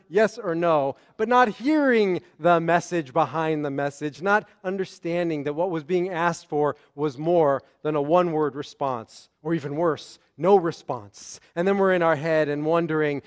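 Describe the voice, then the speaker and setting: A man's voice: a little high, moderate pace, few pauses, smooth. Conversational rabbi, a man. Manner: conversational, often asks "right?". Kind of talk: sermon.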